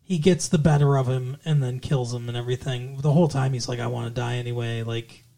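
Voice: mid-range voice, fairly even intonation, fairly quick, dark tone. A podcast co-host picking apart a horror movie in casual chat, swearing freely and rambling with lots of fillers and restarts.

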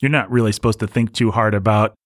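A man's voice: on the low side, fairly even intonation, fast talker, dry recording, studio quality. A man hosting a casual film discussion, explaining at length with many restarts. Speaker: podcast host.

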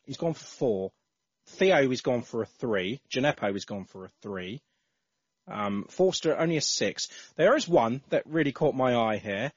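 A man's voice: medium pitch, lively intonation, unhurried, breathy edge, no room sound. A man hosting a casual football podcast, reading out listener entries with lots of ums and uhs. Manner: reads out listener entries with many fillers. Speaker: podcast host. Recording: slightly dull lo-fi audio.

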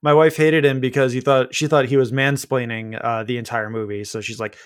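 A man hosting a podcast in casual chat, with a self-described monotone and dry jokes, on a close, dry mic. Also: medium pitch, fairly quick, clear, resonant tone, dry recording. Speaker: podcast host.

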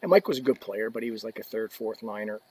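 A man's voice: fairly low pitch, lively intonation, quick pace, darkish tone, slightly rough. A man in his fifties, a podcast guest, casually telling anecdotes and laughing as he goes. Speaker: guest, hockey equipment rep. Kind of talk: casual storytelling.

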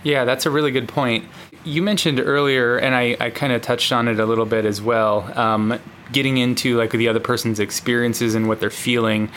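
A man's voice: medium pitch, fairly even intonation, fairly quick, fairly bright tone, a little hiss or hum. A man co-hosting a podcast, talking in a reflective, casual way and joking now and then. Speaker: podcast co-host.

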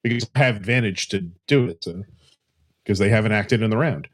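A man's voice: on the low side, a little fast. A man playing a tabletop game, asking careful questions about the rules. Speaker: player.

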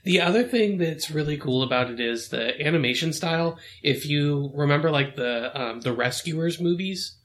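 A man co-hosting a podcast in casual chat, relaxed and given to dry jokes. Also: fairly high pitch, moderate pace, few pauses. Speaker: podcast co-host.

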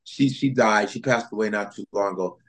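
Telling lively stories in a casual interview, the Chicago comedian laughs a lot and slips into impressions along the way. His voice sits fairly low and moves briskly.

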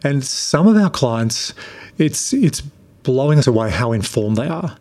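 A middle-aged Australian man with a relaxed, conversational manner, answering interview questions as a productivity coach. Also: mid-range voice, a little slow. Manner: relaxed, conversational, frequent restarts.

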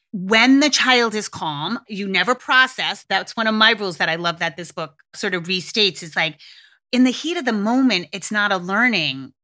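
A woman's voice: mid-range voice, bright, forceful tone. A middle-aged woman hosting a parenting podcast, talking candidly and swearing freely in a casual monologue.

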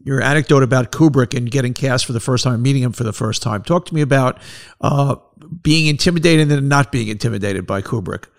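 A man hosting an interview, asking long halting questions in a friendly way. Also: medium pitch, creaky. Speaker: interview host. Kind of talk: casual interview.

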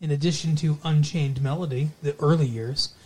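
A man's voice: a little high, steady tone, normal speed, darkish tone, slightly rough. A man hosting a podcast, chatting casually and playfully with his co-host and joking around. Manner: jokey, playful, repeats intros in a mock radio-DJ voice.

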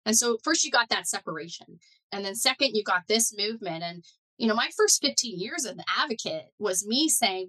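Speaking a little fast in a mid-range voice, a middle-aged woman shares her story as an interview guest. She works as a foundation director and neuroscientist, and her animated storytelling is thick with "like" and "you know." It's a conversational interview, and the audio is poor.

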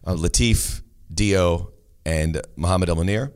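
This man's voice is low and his delivery slow. He's one of the co-hosts of a relaxed soccer show recorded in a studio near the club's home stadium, where he chats and takes questions from listeners.

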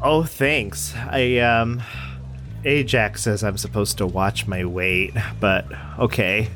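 A man voicing a downcast young man, who speaks in a flat, subdued way. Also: on the low side, slow, faint music behind.

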